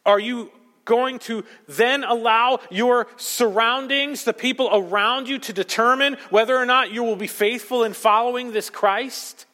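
A man preaching a sermon as pastor, emphatic, swinging between loud rising peaks and quiet low asides. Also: measured pace. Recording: long hall reverb.

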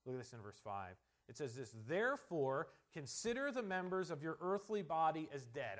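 A male pastor preaching a sermon, pressing his points with strong emphasis and dropping into quiet, joking asides. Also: mid-range voice. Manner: emphatic, swings from soft asides to loud stressed points.

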